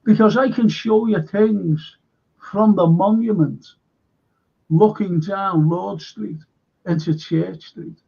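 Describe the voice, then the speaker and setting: A man's voice: high voice, takes it slowly, gravelly, breathy edge. A man, a local historian chatting on a live stream and acting out the voices in his anecdotes. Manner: animated storyteller acting out quoted voices. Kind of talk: casual chat on a live stream. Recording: lo-fi stream audio.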